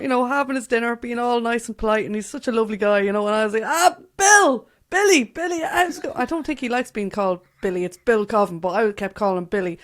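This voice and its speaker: A young Irish woman hosting an interview, chatting cheekily and laughing through her stories. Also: medium pitch. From Ireland. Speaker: interview host. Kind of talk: casual interview chat.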